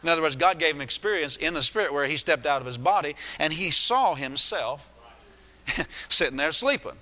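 A man's voice: on the high side, animated, normal speed, pushed and bright. A man preaching a sermon, retelling a story with many restarts and asides. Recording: echoey hall.

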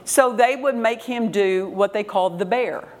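A woman's voice: medium pitch, a little slow. An older woman pastor preaching a sermon with emphatic repetition, laughing as she tells stories. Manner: emphatic, repeats key words, laughs while telling stories. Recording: congregation responding in the room. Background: congregation calling out amens.

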